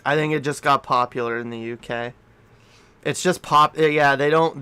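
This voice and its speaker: A man's voice: mid-range voice, steady tone, normal speed, pushed and bright, clean tone. A man from Canada ranting casually on a livestream, profane and rambling. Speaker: streamer.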